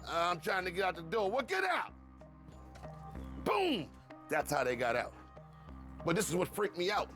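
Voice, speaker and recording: A man's voice: on the high side, lively intonation, a little fast, fairly bright tone, soft background music. A man from Cleveland telling his story in an interview, profane and acting out the dialogue, repeating words in bursts. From Cleveland, USA.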